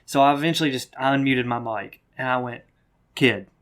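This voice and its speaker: A man co-hosting a podcast, telling a story in casual chat and acting out other people's lines loudly. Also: medium pitch, fast. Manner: animated storyteller, acts out quotes loudly. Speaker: podcast co-host.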